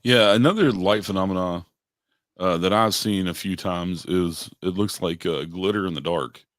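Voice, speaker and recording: A man co-hosting a podcast, telling stories in unhurried casual chat with many fillers. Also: sits low, no room sound, studio quality. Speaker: podcast co-host.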